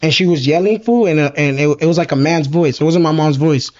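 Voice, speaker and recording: A man's voice: fairly high pitch, brisk, darkish tone. A man from Southern California tells a story in casual slang, swearing and calling listeners "fool". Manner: slangy, calls everyone "fool", swears often. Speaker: podcast guest. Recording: slightly dull lo-fi sound.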